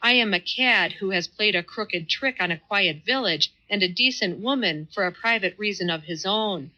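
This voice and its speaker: A woman's voice: mid-range voice, bright, forceful tone, natural voice. Woman reading a fierce stubborn atheist man. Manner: slow, vehement, stubborn. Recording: slightly muffled audio.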